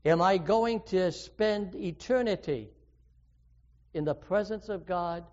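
A man with a high voice preaches a sermon, throwing questions at his listeners and leaning hard into key words. The recording is dull and lo-fi. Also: slow, darkish tone. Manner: earnest, questioning, with sudden emphatic rises.

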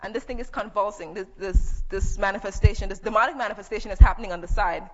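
A woman's voice: mid-range voice, quick pace. A woman preaching a sermon, teaching conversationally and reading scripture aloud. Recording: dull echoey hall.

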